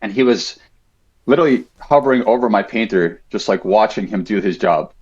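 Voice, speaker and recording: A man's voice: fairly low pitch, brisk, a little mellow, slightly rough. A man in his thirties, a podcast guest, telling a personal story in a casual, reflective way, with a lot of "like" fillers. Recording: dull lo-fi sound.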